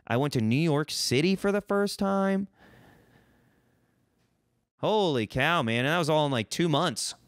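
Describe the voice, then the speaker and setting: Man podcasting solo, rambling and profane, unhurried delivery, smooth voice, dry close sound. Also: on the high side, animated, no echo. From Missouri, United States. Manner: rambling, profane, self-mocking. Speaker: podcast host.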